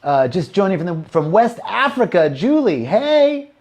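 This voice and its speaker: A man's voice: high voice, sing-song, moderate pace. A man hosting a casual livestream and telling jokes to viewers, rambling and restarting lines and laughing at his own punchlines. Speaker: host telling jokes to a live online audience.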